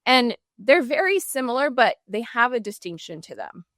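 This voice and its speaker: A woman speaking as a customer service trainer in a podcast interview, animated and full of "like" and "right?". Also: fairly high pitch, moderate pace, no echo, clean studio sound.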